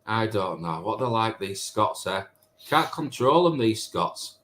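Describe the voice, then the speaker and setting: Going through viewer comments on his stream, a man in his thirties chats casually and teases his audience. His voice leans low and a bit bright, expressive and measured, with slight background noise behind it.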